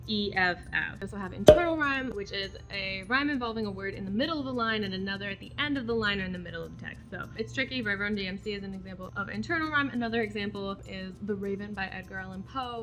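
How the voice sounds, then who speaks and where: In a laid-back educational video, a young female poetry host explains poetic terms in a chatty way and reads examples aloud. She speaks at medium pitch with a fairly bright tone.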